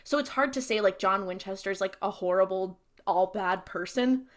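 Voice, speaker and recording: A woman's voice: mid-range voice, moderate pace. Chatty young woman podcast host. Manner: chatty, lots of "like", animated retelling. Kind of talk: casual chat, recapping an episode.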